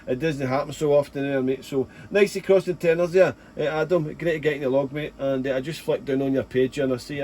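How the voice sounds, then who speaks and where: A chatty Scottish man in his forties, talking casually into a ham radio mic at his home station. His voice is mellow and dark, with faint noise hanging behind it. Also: medium pitch. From Scotland. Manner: chatty, folksy, leans on 'there' and 'mate'. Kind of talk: casual radio contact chat. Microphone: radio transceiver mic.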